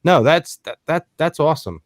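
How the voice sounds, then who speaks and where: A podcast host from Philadelphia with a Philly accent, chatting excitably with a guest, often repeating words and laughing. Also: male voice, a little high, moderate pace, no room sound, studio quality. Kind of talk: casual interview chat.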